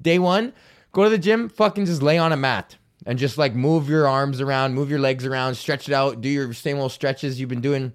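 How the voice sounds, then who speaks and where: A man's voice: medium pitch, fairly even intonation, moderate pace. A man hosting his own podcast, talking in a rambling, profane, self-mocking way. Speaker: podcast host. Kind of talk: casual solo podcast rant.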